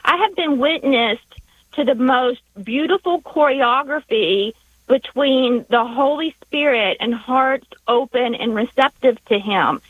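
Woman caller, Southern accent, husky and a bit high, halting speech, dull phone line. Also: no room sound. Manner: halting, heartfelt, many restarts. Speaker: radio caller.

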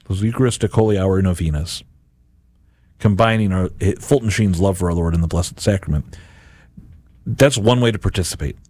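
Man, low voice, animated pitch, dry sound, homily-style reflection, acts out imagined voices. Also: dry recording. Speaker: Catholic radio and podcast host.

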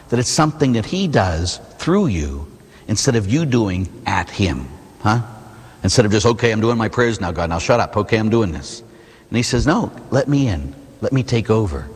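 A middle-aged man, a Catholic priest, preaching a sermon in an animated storytelling way, often tossing in rhetorical asides. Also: on the low side, husky. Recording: long hall reverb.

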